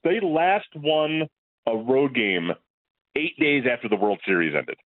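A man's voice: mid-range voice, measured pace, dry recording. Wry man on a tinny phone line. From New York. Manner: wry, deadpan jokes. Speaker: sportswriter guest. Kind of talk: casual radio interview.

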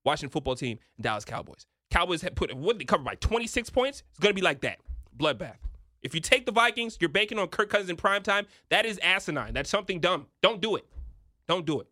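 A young man giving sports betting picks in an emphatic, excitable talk-show manner. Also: high voice, fast, no room sound, clean studio sound. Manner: emphatic, rising to excited near-shouts.

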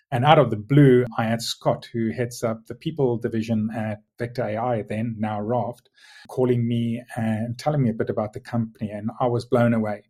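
A middle-aged man with a South African accent answers interview questions at an even middle pitch. He explains things in a measured way, often restarting a phrase before he carries on. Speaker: guest, logistics executive. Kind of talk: remote podcast interview.

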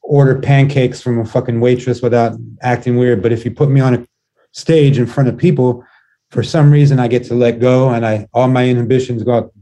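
Mellow-voiced man, loose and rambling. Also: mid-range voice, fairly even intonation, a little fast. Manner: loose, rambling, many fillers and curse words. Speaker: guest musician. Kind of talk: casual interview chat.

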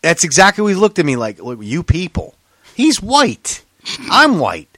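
A male podcast host tells rambling, profane stories and jumps between voices as he acts out each exchange. His pitch swings widely from line to line. The sound is dry and close, with almost no room around it. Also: normal speed, no room sound. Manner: animated, acts out both sides of his stories. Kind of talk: casual profane storytelling chat.

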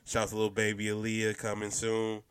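A man's voice: on the low side, completely flat delivery, moderate pace, smooth. A man in casual podcast chat, rambling and laid-back, full of slang and fillers.

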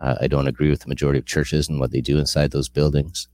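A man's voice: rumbling low, level tone, quick pace, a little mellow, a little hiss or hum. A middle-aged man sharing a candid personal testimony, earnest and rambling with frequent restarts.

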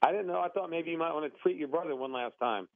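A man's voice: fairly high pitch, quick pace, no room sound. A man taking a phone call, flustered and defensive, stammering as he questions the caller. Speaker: prank call target. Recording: tinny phone line, dry.

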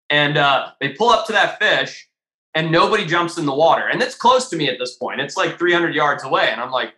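A man with a fairly high, bright, forceful voice tells a tale in a loose, animated way, cursing now and then. The sound is roomy, with a clear echo around him. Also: fairly quick. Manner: animated, swears freely, many fillers. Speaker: podcast guest, shark diver. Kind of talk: casual storytelling.

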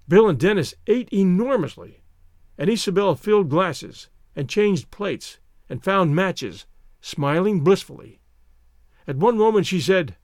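An expressive male narrator reads a literary short story, his voice fairly high for a man and climbing sharply when characters speak. The recording is close and dry, with no room sound. His delivery is lively and full of pitch movement. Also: normal speed, no room sound. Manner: expressive reading, raises his voice for the characters' lines.

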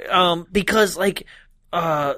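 A man's voice: high-pitched, slow, no room sound, shouting, studio quality. A man co-hosting a casual podcast chat about a horror movie, laughing often and acting out scenes. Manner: animated, laughing, acts out scenes. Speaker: podcast co-host.

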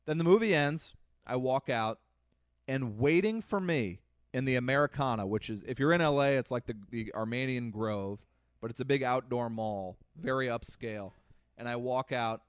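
Man, podcast co-host, comic storytelling, mid pitch, dry close mic. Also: no room sound. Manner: animated storyteller, swings loud and soft. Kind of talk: casual chat, comic storytelling.

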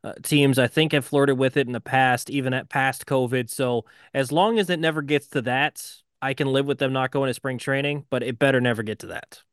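A man co-hosts a casual sports podcast with an eager, joking manner. His mid-pitched voice is smooth and clear. The recording is dry and close. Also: steady tone, fairly quick, few pauses, fairly bright tone, dry recording. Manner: enthusiastic, joking. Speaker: podcast co-host.

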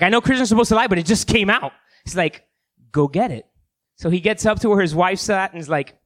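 Preaching a sermon, this high-pitched male pastor tells a story animatedly, moving between loud emphasis and hushed asides as he acts out its characters.

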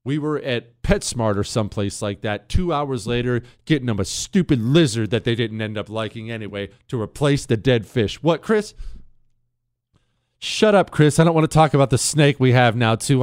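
A male talk show host delivers his monologue with a sarcastic, storytelling edge. His pitch swings widely as he builds each point. The studio sound is close and dry. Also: lively intonation, moderate pace, no room sound.

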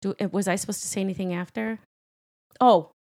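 A woman's voice: mid-range voice, fairly even intonation, fairly quick, darkish tone, no echo, studio quality. A woman co-hosting a podcast, casually setting up improv bits, playful and laughing often. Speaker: podcast co-host.

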